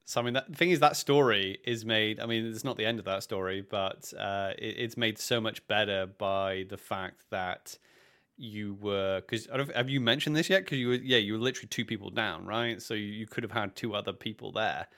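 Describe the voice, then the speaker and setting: British man, podcast co-host, casual storytelling, animated retelling, restarts and laughs along. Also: lowish voice, a little fast. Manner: animated storytelling, acts out quoted characters, frequent restarts. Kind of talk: casual chat recapping a live-action role-play event.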